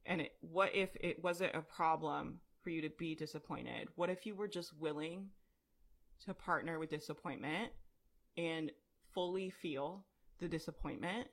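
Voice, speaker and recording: A woman's voice: fairly low pitch, normal speed, fairly bright tone. A woman podcast host and business coach talking candidly in a casual live video, with many "like"s and "right?"s. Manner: candid, conversational, frequent "like" and "right?".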